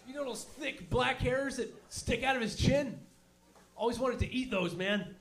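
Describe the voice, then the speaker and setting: A young man doing a stand-up comedy set, telling profane, animated stories and slipping into mock voices. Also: extremely high pitch, a little slow. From Canada.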